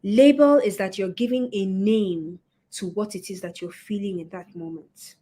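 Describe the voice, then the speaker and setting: A woman hosting a webinar, giving a motivational talk and telling a story with lively acted-out quotes. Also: mid-range voice, moderate pace. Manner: expressive storyteller, acts out quoted voices. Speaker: webinar host and etiquette coach.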